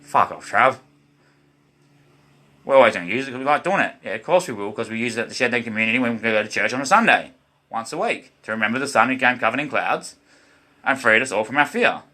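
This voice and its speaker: A man's voice: medium pitch, lively intonation, fast talker, sharp tone. A man with an Australian accent rambling in a preachy monologue, often calling his viewers "guys" as he talks.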